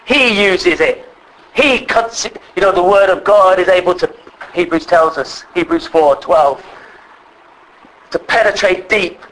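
A man preaching a sermon, earnestly slowing down to stress the scripture he reads. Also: high voice, a bit bright, poor audio.

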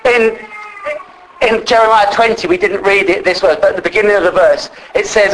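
Impassioned high-voiced male preacher. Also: fairly even intonation, fairly quick, a little hiss or hum, low-quality recording. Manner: impassioned, rises to shouts; addresses congregation as brethren. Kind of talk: sermon.

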